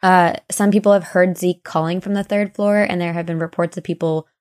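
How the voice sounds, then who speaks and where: A young woman co-hosting a podcast, casually recounting ghost lore in a chatty, animated way. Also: fairly low pitch, brisk. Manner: chatty, animated retelling with quoted voices. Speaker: podcast co-host.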